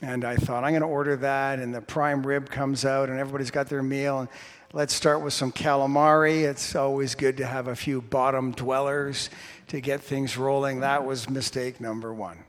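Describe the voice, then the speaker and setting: A man's voice: mid-range voice, little pitch movement, normal speed. Man in his sixties preaching in a reverberant church. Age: 60s. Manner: humorous personal storytelling. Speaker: pastor. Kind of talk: sermon. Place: church sanctuary. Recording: long hall reverb.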